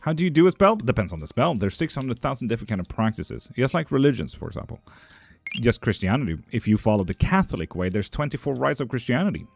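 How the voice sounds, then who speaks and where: A man's voice: medium pitch, big pitch swings, fast, vocal fry, a little mellow, faint music behind. A man reading tarot and bones on a live stream. He reads viewer questions aloud in a lifted voice, then answers them in a dry, teasing way in casual chat.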